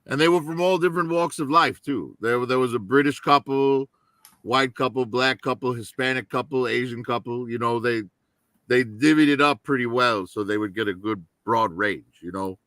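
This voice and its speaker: Male co-host, bright voice, conversational storyteller who checks in with "right?". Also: mid-range voice, moderate pace, no echo. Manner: storytelling with frequent "right?" tags. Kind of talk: casual chat.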